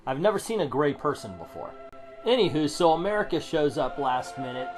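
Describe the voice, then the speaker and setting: A man's voice: on the high side, very animated, fairly quick. Sarcastic ranting middle-aged man. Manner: sarcastic, swears, rants. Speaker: comic book reviewer. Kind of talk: ranting comic review commentary. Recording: music playing under the voice. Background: background music.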